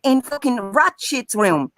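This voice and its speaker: Woman, bright forceful voice, dry close sound, blunt, swears freely, heated live-stream talk. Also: high-pitched, very animated, measured pace, no echo, poor audio. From Ireland. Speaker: panelist.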